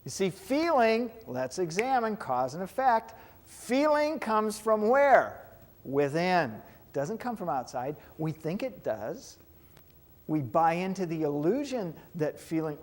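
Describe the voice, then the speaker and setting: A man's voice: fairly high pitch, big pitch swings, slow. A man giving a classroom lecture on hypnotherapy, talking conversationally and checking in with his students with questions.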